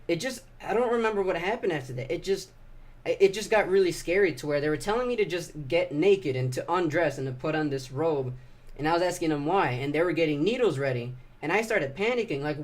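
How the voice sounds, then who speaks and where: Young man telling a painful story. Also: a little high. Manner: halting, emotional, profane, many restarts. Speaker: vlogger. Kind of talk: personal confessional storytelling.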